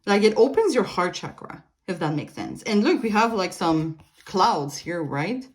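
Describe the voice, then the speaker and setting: This woman, a French-speaking Canadian, does a casual pick-a-card tarot reading in a medium-pitched, sing-song voice that runs a little slow. She meanders with lots of fillers and restarts, laughing lightly now and then.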